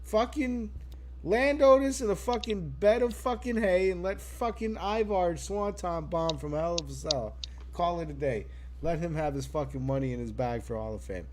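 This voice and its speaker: A man on a casual wrestling podcast, excitable and profane, laughing often. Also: high-pitched, moderate pace, a little hiss or hum. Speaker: podcast co-host.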